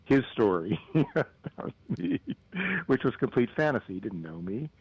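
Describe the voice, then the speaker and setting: A man's voice: mid-range voice, sing-song, takes it slowly, husky, dry recording, dull audio. A male guest in a casual conversation, speaking thoughtfully and searching for his words with frequent restarts.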